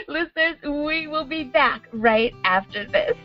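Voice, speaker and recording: A woman's voice: high voice, huge pitch swings, slow. Female talk show host, lo-fi with faint music. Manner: supportive listener, frequent mm-hmms. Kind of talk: radio talk show interview.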